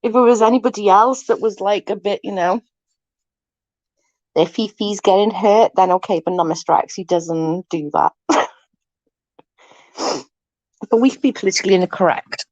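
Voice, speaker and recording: A woman's voice: mid-range voice, moderate pace, long pauses, a little mellow, no echo, muffled recording. A woman chatting casually with her viewers, giggling often and swearing freely.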